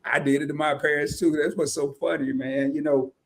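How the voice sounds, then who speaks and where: A man from the American South with a Southern US accent co-hosts a live stream, chatting casually in an animated, folksy way, cracking jokes and reading viewer comments aloud. His voice is on the high side with vocal fry, and he talks fairly quickly.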